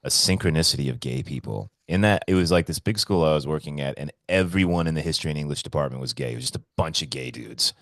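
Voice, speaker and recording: A podcast co-host in Hawaii tells stories in a casual chat, talking fast with hardly any pauses. He's animated, swears a lot and acts out quotes in a high voice, and the recording is dry and studio quality.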